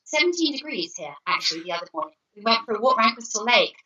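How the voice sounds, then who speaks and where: A chatty woman author tells stories with animation as an interview guest. Her voice is bright and forceful, and it comes through a dull, lo-fi call from some distance off the mic. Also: a little high, very animated, quick pace. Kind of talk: casual interview chat. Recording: muffled distant call audio.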